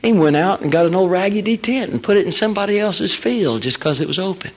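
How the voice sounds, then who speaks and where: A man preaching in a folksy, animated storytelling style, acting out the quotes of the people in his stories. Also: sits high, quick pace. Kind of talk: storytelling sermon.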